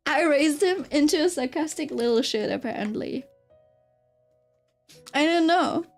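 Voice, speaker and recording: Young woman with a high voice, chatty and giggly, just rambling while she draws, faint music in the back. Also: animated, measured pace, gravelly. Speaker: artist streaming while drawing. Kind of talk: casual chat while drawing.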